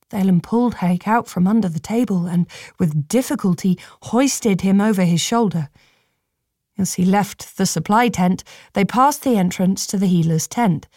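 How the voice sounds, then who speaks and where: A woman reads a fantasy story aloud in a measured, steady way. Her voice sits at a middle pitch and sounds close and dry, with no room around it. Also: no room sound. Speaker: narrator. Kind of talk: audiobook narration.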